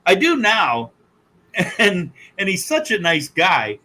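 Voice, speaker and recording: A man hosting a casual podcast, telling stories and teasing his guests loudly. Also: sits high, huge pitch swings, slow, slight background noise, rough recording. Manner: loud, joking storyteller who teases guests. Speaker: podcast host.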